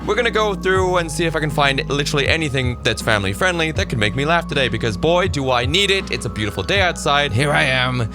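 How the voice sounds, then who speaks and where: A man giving sarcastic, animated commentary as he reacts to clips on his channel. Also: on the high side, quick pace, over music.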